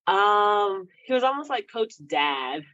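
A woman's voice: mid-range voice, big pitch swings, takes it slowly, pushed and bright, no room sound, muffled recording. Chatty young woman, laughing guest. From Texas. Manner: chatty, laughs often, says "freaking". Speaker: athlete guest. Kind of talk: casual interview chat.

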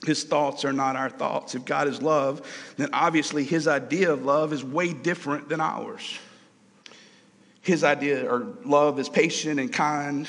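A man's voice: on the high side, fairly even intonation, measured pace, fairly bright tone, in a large hall. A man preaching a sermon, earnest and emotional, his voice rising and falling as he repeats key phrases.

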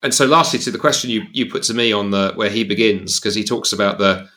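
A man's voice: lowish voice, steady tone, fast, sharp tone. A man speaking as a podcast guest, earnest and emphatic, often restarting his sentences. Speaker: guest, evangelist. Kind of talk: conversational podcast discussion.

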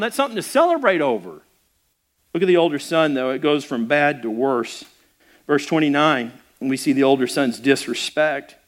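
A middle-aged man with a high voice preaches a sermon as a pastor. He talks in a loose, conversational way, stumbling and restarting as he goes. He acts out the people in his story with lively, animated delivery. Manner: animated storytelling with acted-out quotes.

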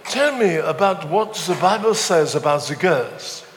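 A man's voice: sits high, lively intonation, measured pace, noisy background. Man doing a jolly French bachelor, thick mock French accent, played for laughs, some hall echo. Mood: pleading. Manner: exaggerated comic French voice. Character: stereotypical French bachelor diplomat, fun-loving man.

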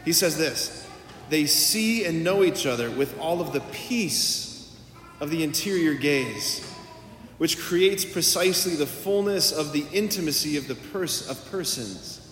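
A man's voice: fairly high pitch, lively intonation, measured pace, fairly bright tone, slight background noise. A man, a priest, delivering a homily in a conversational storytelling manner, acting out quoted dialogue. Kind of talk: sermon. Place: church. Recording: echoey church from a distance.

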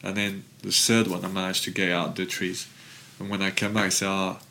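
A man's voice: low voice, fairly quick, slight background noise. A man, a former footballer, guest on a podcast, telling long rambling anecdotes with lots of fillers. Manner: rambling, filler-heavy, animated storytelling.

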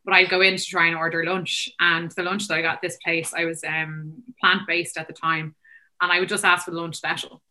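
Chatty Irish woman, bright voice. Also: fairly low pitch, flat delivery. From Ireland. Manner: quick chatty talk full of fillers. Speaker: guest. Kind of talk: casual conversation.

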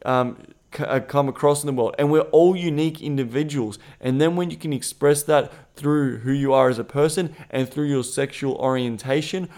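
A man co-hosting a podcast, speaking candidly and swearing freely as he acts out conversations with animated voices. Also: medium pitch, moderate pace. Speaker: podcast co-host. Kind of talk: casual podcast chat.

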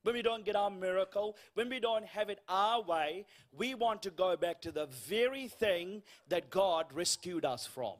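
A man with a high voice preaches in a church, spinning a comic story. He acts out the lines of the people he meets, and the quoted voices drop to a hush. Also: animated, a little slow, hardly any pauses. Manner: storytelling with humour, acting out dialogue, dropping to a hush for quoted lines. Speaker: guest preacher. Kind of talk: sermon.

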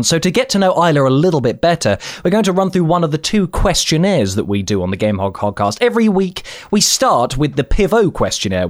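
A man hosting a podcast, interviewing his guest in a playful, effusive way with gushing reactions. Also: medium pitch. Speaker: podcast host. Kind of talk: casual interview chat.

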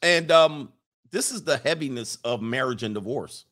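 Animated man riffing on a livestream. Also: mid-range voice, moderate pace. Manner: animated, emphatic, repeats phrases for effect. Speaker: livestream host reading chat. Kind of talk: casual opinionated livestream chat.

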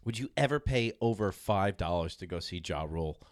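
A man's voice: low voice, animated, a little fast. A man in his thirties telling jokey, profane stories in a casual podcast chat. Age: 30s. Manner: joking, profane storyteller.

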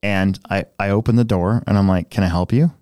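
Guy on a hobby podcast rambling thru a story, smooth clear voice, dry close sound. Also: on the low side, brisk, dry recording. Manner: rambling, restarts often, animated when telling a story. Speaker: podcast co-host. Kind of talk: casual storytelling chat.

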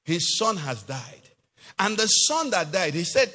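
A male pastor preaching with strong emphasis, his pitch swinging widely, sometimes lifting into song or a shout. His voice sits high for a man. It rings through a church with a long reverb tail. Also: very animated, a little slow. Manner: emphatic preaching, asks the congregation questions; sings some phrases, rises to shouts. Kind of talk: sermon.

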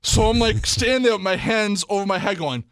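A young man, co-hosting a casual chat show and telling a story with lively quoted voices and frequent laughter. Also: high voice, fairly quick, clean tone, no room sound, studio quality. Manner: animated storyteller, acts out quotes, laughs often. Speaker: podcast co-host.

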